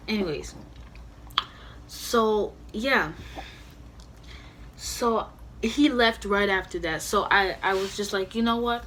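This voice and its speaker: A young woman telling a storytime vlog at home in a casual, animated way, full of "you know" and "like". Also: medium pitch, background noise. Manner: animated, heavy use of "you know" and "like", acts out her own angry quotes. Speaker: vlogger.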